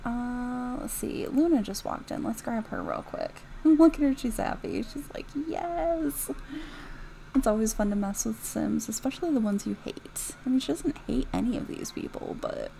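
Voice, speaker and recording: Giggly gamer girl doing chatty mod commentary, kinda high voice, bit of vocal fry. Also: big pitch swings, moderate pace, few pauses, a little hiss or hum, low-quality recording. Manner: chatty and giggly, reacting out loud to the game. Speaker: YouTuber reviewing game mods. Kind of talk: casual gameplay commentary.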